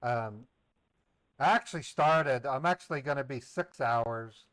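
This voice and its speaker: A man talking casually on his livestream, playful and chatty, at an ordinary middle pitch. He strings a scammer along with feigned eagerness. The sound is dry and close, with no room around it. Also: unhurried, fairly bright tone, smooth, dry recording, low-quality recording. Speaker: scambaiting livestream host.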